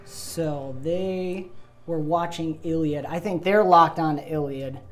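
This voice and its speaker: Slow, low-voiced woman running a tabletop game. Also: a little hiss or hum. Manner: giggly, animated storytelling with sound effects. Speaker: game master.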